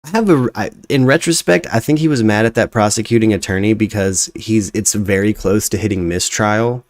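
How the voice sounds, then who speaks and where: Deep-voiced guy hosting a chat show, swears a lot, rambles, dry close sound. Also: fairly quick, no room sound. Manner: profane, rambling, stumbles over words. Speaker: radio show host. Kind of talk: casual podcast chat.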